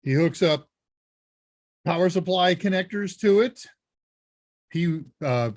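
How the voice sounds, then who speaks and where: A man hosting a live Q&A stream, chatting casually and joking as he reads messages and thinks out loud. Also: sits high, takes it slowly, no echo. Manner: chatty, jokey, thinks aloud. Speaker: live Q&A host.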